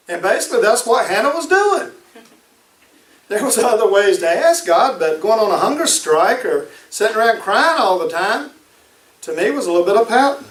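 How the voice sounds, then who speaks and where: A man's voice: high-pitched, big pitch swings, moderate pace, fairly bright tone, far from the mic. A man preaching a sermon, emphatic and repeating his key phrases. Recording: echoey room, voice from off-mic.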